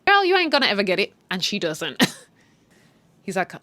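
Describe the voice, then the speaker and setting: An animated woman talks through a TV drama in a blunt, chatty way, swearing freely. Her voice sits at a middling pitch and sounds dry and close to the mic. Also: moderate pace, pauses often, no room sound. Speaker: channel host recapping a TV series. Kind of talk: casual story recap.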